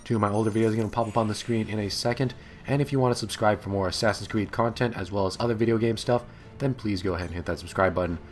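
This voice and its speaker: A man's voice: fairly low pitch, rapid-fire, slight background noise. A young man giving amused, sarcastic voice-over commentary on his own video game match, recorded in a home office. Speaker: gaming commentator.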